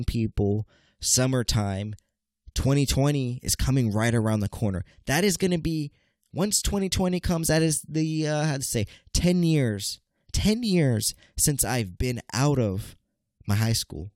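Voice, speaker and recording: A stuffed-up, nasal man in his late twenties rambles through a solo podcast, stammering and restarting and talking straight to his listeners. His voice sits at an ordinary middle pitch and sounds dry and close, with no room around it. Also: animated, unhurried, a little mellow, no room sound. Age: late 20s. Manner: rambling, stammering, keeps calling listeners "people". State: congested. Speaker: podcast host. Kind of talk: casual solo podcast monologue.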